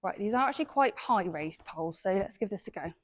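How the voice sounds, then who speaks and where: A woman's voice: mid-range voice, animated, fast talker, a little hiss or hum. A woman chatting outdoors while working her young horse, praising it often and slightly out of breath. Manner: chatty, praising the horse in a bright sing-song. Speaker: horse owner vlogger. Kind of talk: casual chat while training a horse.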